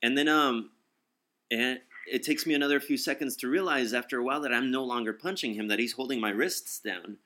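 A young man in casual talk, telling a story. He is animated, acts out quotes and swears freely. His voice sounds bright and tense. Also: medium pitch, fairly quick.

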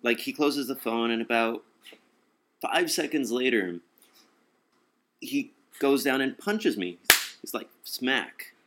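A young man in casual talk, telling a story. He is animated, acts out quotes and swears freely. His voice sounds bright and tense. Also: mid-range voice, slow, long pauses.

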